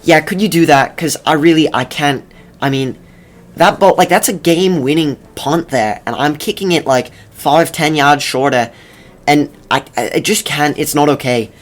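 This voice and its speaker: A man's voice: moderate pace, lightly acted. A man putting on an upset Australian punter. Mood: pleading. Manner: pleading, frustrated, higher pitched than his own voice. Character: upset young male Australian football punter.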